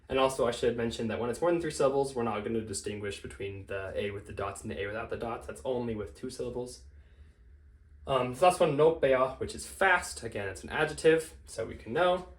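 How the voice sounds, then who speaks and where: A man gives a casual grammar lesson at an everyday mid-range pitch, patiently laying out the rules step by step. He talks loosely, with plenty of fillers and quick self-corrections. The recording carries a noticeable room echo. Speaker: language teacher.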